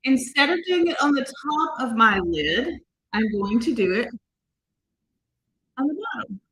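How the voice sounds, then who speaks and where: A woman's voice: on the high side, expressive, a little slow, fairly bright tone, breathy edge, poor audio. A woman demonstrating makeup in a casual tutorial, chatty and talking viewers through each step, sometimes quizzing them. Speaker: makeup artist demonstrating products.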